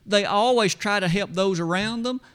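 Earnest churchgoing woman, pleading questioner, slightly high voice, a preacher putting her on. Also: moderate pace, a bit bright, clean tone.

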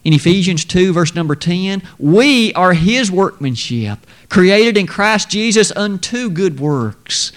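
Male preacher, somewhat high voice, measured and emphatic sermon delivery. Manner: measured, emphatic preaching with sudden rises and drops in pitch.

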